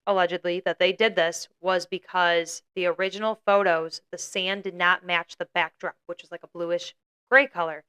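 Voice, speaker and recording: A woman's voice: fairly low pitch, fairly even intonation, moderate pace, a bit bright, smooth. A young woman co-hosting a podcast, casually retelling a story with lots of "like" and acted-out quotes. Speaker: podcast co-host.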